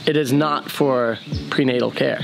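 A young man vlogging casually about becoming a first-time father, excitable and earnest. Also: medium pitch, unhurried, vocal fry, background noise. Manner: excitable, laughing, then earnest. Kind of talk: casual travel vlog chat.

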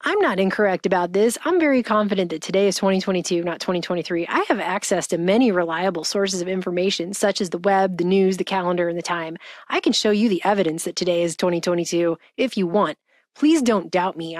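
A woman's voice: lowish voice, fast, no echo, studio quality, natural voice. A woman reading out a stubborn, self-righteous chatbot that is insistent, repetitive and falsely polite.

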